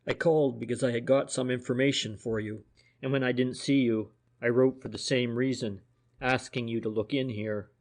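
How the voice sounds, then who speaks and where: A man's voice: mid-range voice, steady tone, normal speed, natural voice. Furtive male private eye, read by a man, deferential and insinuating, ordinary mid-range voice, for an audiobook.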